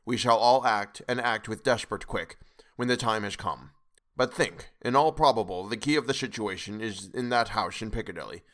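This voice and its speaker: A wise, patient elderly professor, read by a man, lays out his plan in a deliberate, lecturing way. The voice sits low and unhurried, an audiobook character weighing every word. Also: fairly bright tone. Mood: measured.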